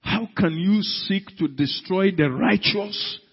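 A male preacher delivers a dramatic sermon, bursting into loud emphatic peaks. His voice sits a touch high and comes across husky and unhurried. The sound is dull and carries a long hall reverb.

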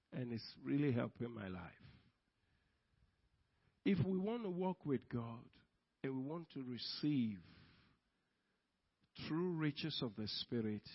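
A man preaching a sermon as pastor, swinging between loud bursts and hushed asides. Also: medium pitch. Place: church hall. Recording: long hall reverb, dull lo-fi sound.

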